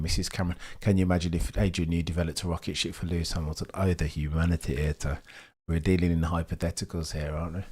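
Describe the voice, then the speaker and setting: A deep-voiced man hosts a live motorsport watch-along from his home at night. He talks to his chat in an animated, theatrical way, swinging between loud bursts and hushed asides. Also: breathy edge. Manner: animated, theatrical, chatty with viewers. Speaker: livestream host.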